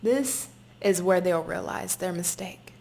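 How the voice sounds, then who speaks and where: A woman's voice: lowish voice, measured pace, gravelly, darkish tone, a little hiss or hum. A woman giving a spoken tarot reading to her viewers, talking emphatically, repeating herself and swearing freely. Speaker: tarot reader.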